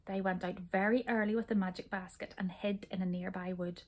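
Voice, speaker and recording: Husky-voiced woman reading a storybook. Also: medium pitch, a little fast. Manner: expressive read-aloud narration.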